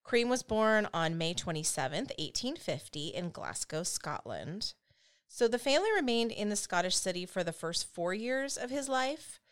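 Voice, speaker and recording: A woman from the United States co-hosting a casual true-crime podcast, chatty and quick to laugh as she tells the story. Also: mid-range voice, expressive, clear, resonant tone. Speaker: podcast co-host.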